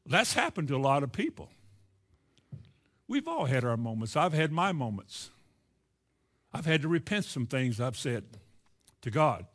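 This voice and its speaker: A man's voice: mid-range voice, sing-song, measured pace, pauses often, fairly bright tone. A man with a Kentucky accent preaching a sermon in a folksy, earnest way, acting out the voices he quotes.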